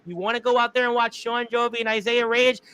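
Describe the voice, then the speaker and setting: A man hosting a casual talk show with a high, bright voice. He is excitable and laughs often as he chats with guests. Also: fast talker, clean tone. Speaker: host. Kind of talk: casual podcast chat.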